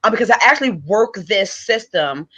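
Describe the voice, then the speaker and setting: A woman hosting a live stream as a business coach, pitching her system in a quick, eager, salesy way. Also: lively intonation, pushed and bright, slightly rough. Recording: dull lo-fi stream audio.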